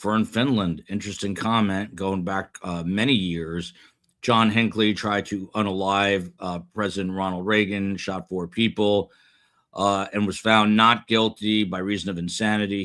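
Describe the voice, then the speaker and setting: His voice sits low with a fairly bright tone as this middle-aged man hosts a live stream, reading chat comments aloud. He's rambling and self-deprecating, with fillers throughout.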